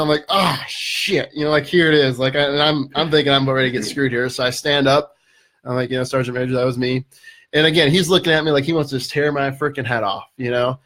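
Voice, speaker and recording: A man telling a story as a podcast guest, casual and animated, with lots of fillers. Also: medium pitch.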